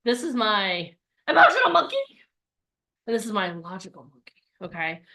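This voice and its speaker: A woman in her forties, a coach giving a lively live online workshop and acting out voices. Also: mid-range voice, moderate pace. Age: 40s.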